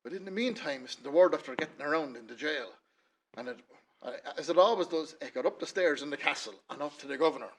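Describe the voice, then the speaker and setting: A man's voice: fairly high pitch, quick pace. A man with an Irish accent tells a local folk tale in a chatty, rambling way, full of "he says" asides. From Ireland. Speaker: storyteller. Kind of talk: folksy spoken storytelling.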